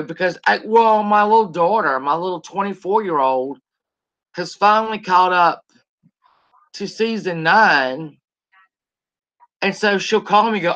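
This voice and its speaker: A middle-aged woman hosting a casual live stream, chatting warmly and greeting viewers by name. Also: on the low side, measured pace. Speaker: livestream host. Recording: dull lo-fi stream audio.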